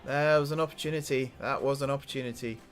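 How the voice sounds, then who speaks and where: A man's voice: medium pitch, fast talker. A man hosting a gaming channel, casually commentating a football management game and urging his players on, with faint music behind him. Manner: excitable, talks to the game's players.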